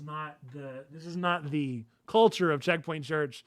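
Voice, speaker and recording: Man, podcast host, animated and chatty, slightly high voice, laughs often. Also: measured pace. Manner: laughs through his words, animated and chatty. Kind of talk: casual news chat.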